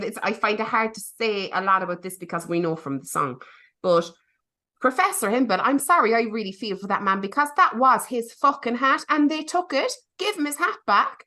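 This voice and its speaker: A woman co-hosting a casual film podcast. Her voice is bright and forward, she talks in a chatty, animated way, and she swears for emphasis. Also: medium pitch. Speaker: podcast co-host. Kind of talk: casual movie review chat.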